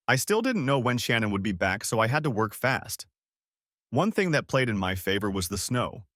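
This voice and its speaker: A man's voice: medium pitch, a bit bright, dry recording, clean studio sound. A man reading a first-person revenge story aloud in a cold, bitter tone. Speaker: narrator.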